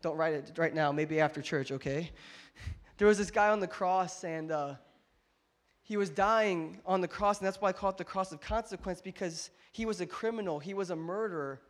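A male pastor preaching a sermon in a church, telling a family story in an animated, joking way and speaking straight to the congregation. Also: sits high, moderate pace. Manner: animated, jokey storyteller who addresses the congregation directly. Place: church auditorium.

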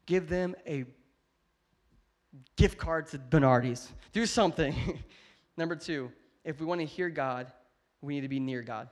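A man preaching a sermon as pastor, animated and joking, swinging between loud bursts and hushed asides. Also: on the high side. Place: church hall with congregation.

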